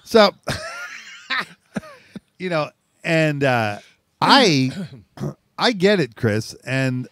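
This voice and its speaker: A man hosting a live call-in stream, asking easygoing questions in a relaxed, chatty way. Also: fairly high pitch, no room sound. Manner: easygoing, quick backchannel replies. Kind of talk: casual call-in chat.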